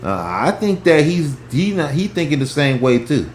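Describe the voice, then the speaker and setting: Brief: male host, heated casual market talk, lively swooping delivery, cursing freely, recorded in an echoey room. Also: a little high, normal speed, a little hiss or hum. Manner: animated, profane, swings from loud to hushed. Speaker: stock talk show host. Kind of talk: heated casual stock chat.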